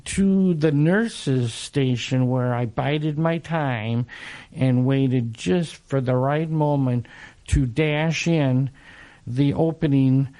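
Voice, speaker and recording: A man in his sixties, a motivational speaker and interview guest, telling stories from his childhood in a halting way, with many fillers and restarts. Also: medium pitch, dark tone. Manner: unhurried, halting, lots of fillers and restarts, chuckles. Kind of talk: casual storytelling in an interview.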